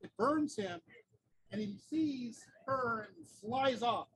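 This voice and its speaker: A man's voice: very high voice, takes it slowly, fairly bright tone, low-quality recording. A man giving an outdoor lecture, retelling a myth in a chatty way with humorous asides. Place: outdoors near a busy street corner. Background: faint traffic noise.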